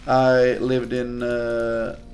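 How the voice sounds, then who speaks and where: A man's voice: mid-range voice, monotone, very slow, a little mellow, faint music behind. A man from Sweden, a native Swedish speaker, casting a game in English in a chatty, hesitant way while answering viewer chat. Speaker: game caster. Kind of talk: casual live-stream game commentary.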